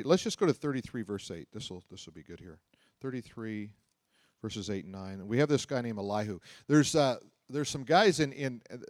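A man's voice: mid-range voice, darkish tone, no room sound. Conversational male preacher, dry sound. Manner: conversational, asks the audience questions; reads scripture aloud, then explains it. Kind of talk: sermon, Bible teaching.

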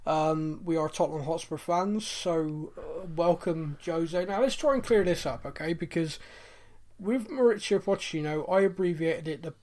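A man's voice: on the high side, moderate pace. A man with a West Country English accent co-hosting a casual podcast chat, telling stories and joking. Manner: chatty, jokey, animated storytelling. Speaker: podcast co-host.

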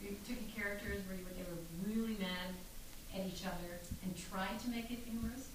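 A woman asks a panel a question from the audience, halting and restarting as she goes. She sounds far from the mic, in a very echoey hall with clear background noise. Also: medium pitch, fairly even intonation. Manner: hesitant, restarting phrases. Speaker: audience member asking a question.

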